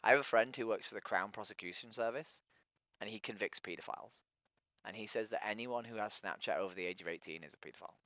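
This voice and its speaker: Deep-voiced young man, dull lo-fi call audio. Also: fast. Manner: relaxed, chatty, likes to explain recipes. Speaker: stranger on a video chat. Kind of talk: casual chat. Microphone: video call.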